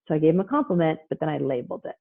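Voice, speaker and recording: A woman presenting on parenting in a casual talk over a video call, chatty and acting out parents and kids in quick asides. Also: low-pitched, expressive, creaky. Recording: tinny phone-like line.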